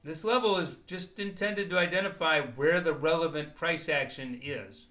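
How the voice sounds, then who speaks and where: A man's voice: on the high side, normal speed, few pauses, sharp tone, soft background music. A man teaching day trading live, explaining chart signals step by step and thinking aloud as he goes. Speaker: trading educator. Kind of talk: live market commentary.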